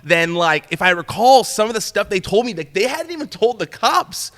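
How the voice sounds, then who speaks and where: A man, a guest in an interview, telling a story in an animated, casual way, laughing often and saying "like" a lot. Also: high-pitched, moderate pace. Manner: animated, laughs often while telling stories, peppers talk with "like". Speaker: interview guest, news reporter. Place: talk show studio set.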